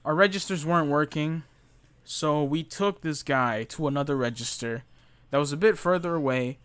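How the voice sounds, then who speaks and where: A young man rants about a difficult customer in a storytime video, speaking with a fairly high, smooth and clear voice. His delivery is exasperated and full of fillers. The close mic gives a dry sound with no room around it. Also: fairly bright tone, no room sound. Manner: exasperated, talks fast with many fillers, mimics the customer. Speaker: retail worker telling a story. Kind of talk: storytime rant.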